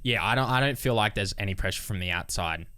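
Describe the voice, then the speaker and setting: A man's voice: on the low side, quick pace, smooth, dry recording, studio quality. A young Australian man, a racing driver, telling stories in casual chat and acting out the quotes. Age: young adult. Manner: animated storyteller, acts out quotes with swearing.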